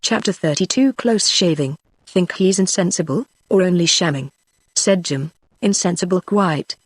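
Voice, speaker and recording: A synthetic text-to-speech voice reading a novel aloud as narrator, giving every character the same even delivery. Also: medium pitch, moderate pace, no room sound, studio quality. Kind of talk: scripted narration.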